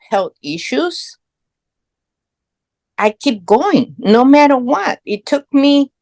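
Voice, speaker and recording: A middle-aged woman from Guatemala, appearing as a podcast guest, tells her story in an earnest, proud, conversational way, with non-native English phrasing. Her voice is a little high with a darkish tone, and the recording is dry.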